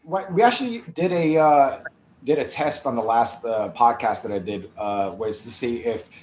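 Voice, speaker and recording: A man's voice: medium pitch, a little mellow. Hesitant man in echoey room. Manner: halting, many restarts. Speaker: guest magician. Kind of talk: casual live-stream interview. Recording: echoey room, faint background noise.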